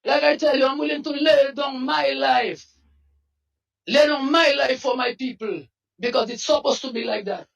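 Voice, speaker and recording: A Dominican man, a protest activist, speaking in an impassioned, pleading way that often rises to a shout. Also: very high-pitched, moderate pace, vocal fry, dull audio. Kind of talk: impassioned street interview. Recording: voice from some distance off the mic.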